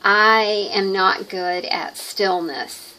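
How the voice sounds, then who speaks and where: Slow, rambling middle-aged woman crafter. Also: medium pitch, fairly even intonation, pushed and bright, poor audio. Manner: rambling, hesitant, many pauses and fillers. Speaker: craft vlogger. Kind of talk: casual chat while crafting.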